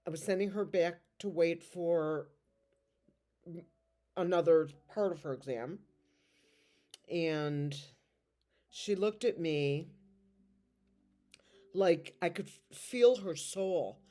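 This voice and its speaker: A woman with a low, mellow voice tells a story slowly to her viewers. She speaks in halting phrases and stays close to tears. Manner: halting, emotional, near tears. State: tearful. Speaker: tarot reader.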